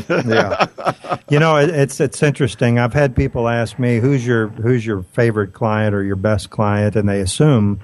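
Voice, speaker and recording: A man's voice: mid-range voice, fairly even intonation, normal speed. A male co-host who builds up long, thoughtful questions for his guest. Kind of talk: interview questions.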